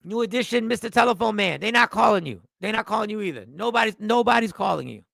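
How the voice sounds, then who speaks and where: A man rants in a mocking comedic voice, hammering the same phrases over and over. His voice sits high with a gravelly rasp. It is recorded close and dry, with no room sound. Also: quick pace, no room sound. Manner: mocking, repetitive, animated with sudden drops to mutters. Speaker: comedian reacting to a clip. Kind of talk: comedic rant.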